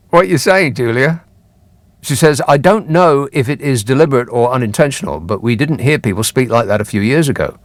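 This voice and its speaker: A man's voice: mid-range voice, animated, normal speed, no echo. A man hosting a radio phone-in show, talking in a dry, sarcastic, teasing way. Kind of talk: late-night radio phone-in chat. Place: radio studio. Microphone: studio microphone.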